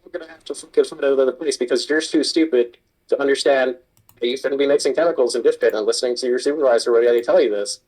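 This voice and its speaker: A man's voice: mid-range voice, quick pace, darkish tone, rough recording. A man, a kitchen supervisor, telling a work story in casual chat and swearing a lot. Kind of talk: casual chat while gaming.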